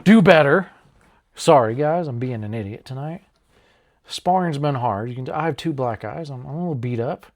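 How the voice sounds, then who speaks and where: A man's voice: mid-range voice, brisk, a little mellow. An American man hosting a casual MMA breakdown video, rambling and joking, swearing freely and laughing at himself. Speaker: MMA channel host. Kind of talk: casual fight breakdown vlog.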